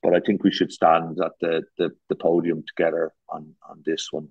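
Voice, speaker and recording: Irish man, very deep voice, husky tone, rambling storyteller, dry dull lo-fi recording. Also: monotone, normal speed, no room sound. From Ireland. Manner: rambling anecdotes with frequent restarts and self-deprecating jokes. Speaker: garden designer guest. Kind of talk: casual storytelling chat.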